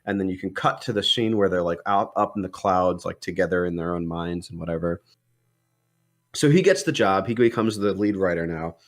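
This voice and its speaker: A man's voice: low voice, a little fast. A young man on a podcast casually retelling a film plot, rambling with lots of "like" and "um". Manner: rambling retelling with many likes and ums. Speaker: podcast co-host. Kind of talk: casual movie discussion.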